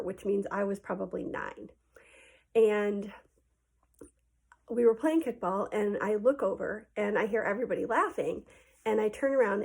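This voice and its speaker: A woman's voice: mid-range voice, vocal fry. Chatty woman telling a childhood story. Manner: chatty and animated, with many ums and likes. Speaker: teacher telling stories to her class. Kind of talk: casual spoken storytelling. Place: at home.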